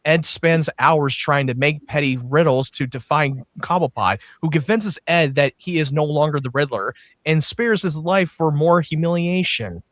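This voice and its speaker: A man's voice: a little high, moderate pace, no echo. A man co-hosting a casual podcast chat, stumbling through an episode recap and swearing in banter. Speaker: podcast co-host.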